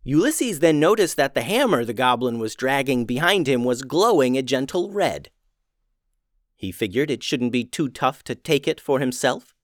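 A man narrating a fantasy story in an expressive storytelling voice. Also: mid-range voice, moderate pace, no room sound, studio quality.

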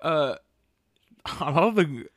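A man co-hosting a casual anime review chat, relaxed and hesitant, often trailing off. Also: a little high, slow, dry recording, studio quality. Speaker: podcast co-host.

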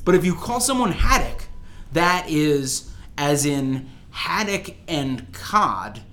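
A man in a casual chat, asking lively questions and laughing in disbelief. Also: fairly high pitch, slow. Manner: animated, questioning, laughs, incredulous.

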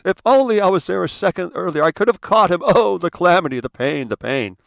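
A man's voice: high-pitched, expressive, fairly quick, vocal fry, fairly bright tone, no echo, clean studio sound, voice pushed up, full character voice. A man voicing an overly dramatic mother who gushes and wails her exclamations. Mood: wailing. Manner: melodramatic, gushing exclamations.

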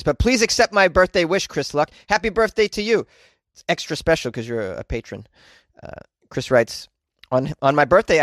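An American man hosting a comedy podcast, joking and rambling in a loose monologue with lively outbursts. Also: medium pitch, no echo, studio quality. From United States. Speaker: podcast host.

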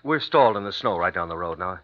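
A man's voice: deep voice, lively intonation, quick pace. An actor playing an American writer traveling abroad with his wife, hesitant and stammering when he feels uneasy. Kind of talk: radio drama acting. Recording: dull lo-fi old recording.

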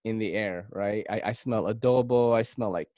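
A man's voice: fairly low pitch, normal speed, dry recording, dull audio. A man from the Philippines hosting a casual knife podcast, telling stories in a rambling way with lots of fillers and restarts. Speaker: podcast host.

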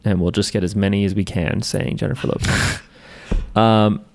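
A man's voice: lowish voice, fairly even intonation, normal speed, gravelly. A man co-hosting a podcast, chatting casually and jokingly while recapping an anime, acting out characters' lines. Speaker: podcast co-host.

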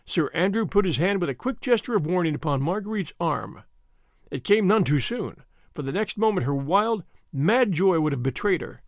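A man narrating a classic novel as an audiobook, with expressive storytelling. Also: sits high, normal speed, no room sound, clean studio sound. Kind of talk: scripted narration.

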